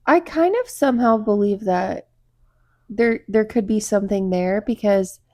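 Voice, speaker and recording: This co-host of a laid-back chat podcast speaks a little slowly in a mid-range voice. She tells her stories with animation and a steady stream of fillers.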